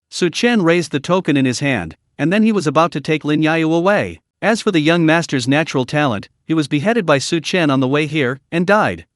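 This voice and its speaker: A man's voice: on the high side, lively intonation, fairly quick, hardly any pauses, no room sound, clean studio sound. A man narrating a comic recap story in short, choppy phrases.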